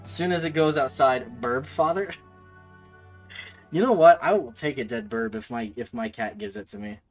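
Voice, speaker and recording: A man's voice: medium pitch, animated, normal speed, soft background music. A man streaming a game, joking with chat in casual commentary. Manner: joking, laughing, talks to chat.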